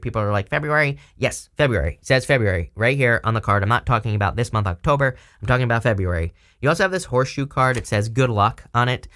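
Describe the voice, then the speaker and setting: A man's voice: medium pitch, fairly bright tone. A man giving a casual tarot reading, rambling and chatty with lots of fillers. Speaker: tarot reader.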